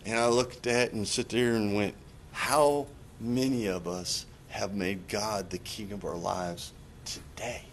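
A man with a lowish voice preaches in an earnest, confessional way, stumbling and restarting as he works through his thoughts. A faint low rumble runs under the recording. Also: steady tone, unhurried. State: choked up. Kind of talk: sermon.

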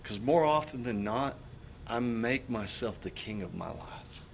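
A man's voice: medium pitch, expressive, unhurried, creaky, slight background noise. A man giving a sermon in an earnest, confessional way, often stopping and restarting his phrases. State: choked up. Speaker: preacher.

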